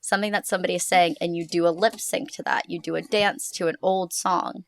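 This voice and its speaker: Creaky-voiced young woman chatting on a podcast. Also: lowish voice, fairly even intonation. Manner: chatty, quick explanations with casual fillers. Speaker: podcast co-host. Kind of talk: casual podcast chat.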